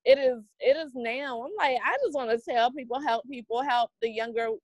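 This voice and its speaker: A woman's voice: sits high, moderate pace, no room sound, low-quality recording. Upbeat Southern woman in her forties. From American South. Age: 40s. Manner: upbeat, motivational, says "honey". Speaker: podcast guest, business coach. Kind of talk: conversational interview.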